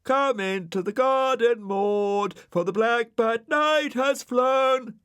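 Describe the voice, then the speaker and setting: A man voicing a nervous, silly male snail with a high, quavery, fussy voice. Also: big pitch swings, normal speed. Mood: sing-song.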